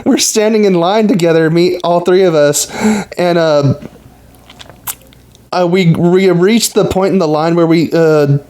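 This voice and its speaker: A man hosting a podcast, telling a story in a casual, animated way and laughing often. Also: high voice, unhurried. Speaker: podcast host. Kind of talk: casual chat.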